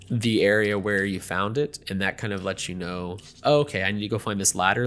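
A man's voice: deep voice, a little hiss or hum. A young man hosting a gameplay video, chatting casually with many ums and you-knows.

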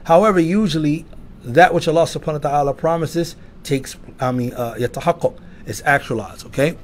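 A man giving an emphatic sermon-style lecture, asking rhetorical questions and swinging from loud to quiet. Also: a little high, a little fast, slight background noise. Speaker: lecturer at an Islamic institute.

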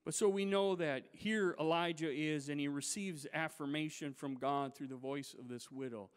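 A male pastor delivering a sermon in a church, retelling a scripture story in a lively, dramatic way. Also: a little high, normal speed, hardly any pauses, smooth. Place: church sanctuary. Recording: reverberant church hall.

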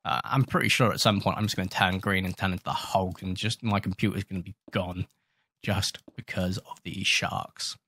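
A man talks over his gameplay in a loose, rambling way, cracking self-mocking jokes and telling off the sharks in his game. His voice sits fairly low, and the sound is dry and close with no room around it. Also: fairly even intonation, moderate pace, sharp tone, slightly rough, dry recording. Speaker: gaming channel host. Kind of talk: casual gameplay commentary.

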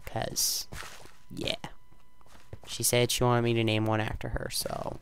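A man's voice: medium pitch, little pitch movement, unhurried, long pauses, clean tone. Rambling teenage boy narrating gameplay. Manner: self-deprecating, rambling, with sudden loud outbursts. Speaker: gaming channel host. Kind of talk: casual gameplay commentary.

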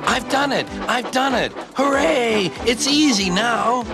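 A high, fretful red engine from a storybook, played by a man, who puffs with eager determination. The pitch swings widely as he frets and strains. Music plays behind him. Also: very animated, moderate pace. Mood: straining, triumphant. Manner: fretful, then eager and puffing. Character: proud red male engine, anxious but determined. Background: background music.

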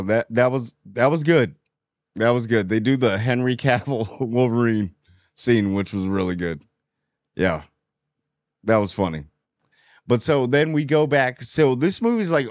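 A man's voice: mid-range voice, no echo. Chatty male movie reviewer, dry audio. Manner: chatty, rambling, amused. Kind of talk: casual spoken movie review. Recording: dry, slightly dull audio.

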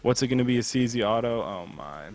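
A man hosting a gaming channel, chatting casually as he opens game cases, excitable and swearing with loud bursts of disbelief. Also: medium pitch, fairly quick, vocal fry, faint music behind. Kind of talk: casual live commentary while opening game cases.

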